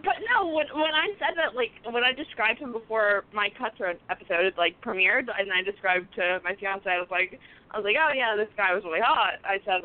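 A woman chef chatting loosely on a podcast, swearing and laughing as she tells stories. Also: a little high. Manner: loose, profane, laughing storyteller. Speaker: guest chef. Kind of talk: casual podcast chat. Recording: phone-like lo-fi audio.

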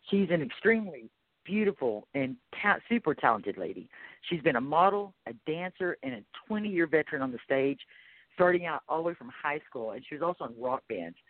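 A woman with a Texan accent hosts a casual interview, chatty and enthusiastic. Her voice sits low, with no room sound, coming through a tinny, dry, phone-like line.

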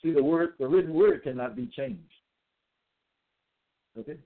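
A man's voice: fairly high pitch, expressive, measured pace, creaky. A man giving a solo religious monologue, reading scripture verses aloud and commenting on each one, often repeating phrases and checking in with "okay?". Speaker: self-styled preacher. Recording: tinny phone-like sound.

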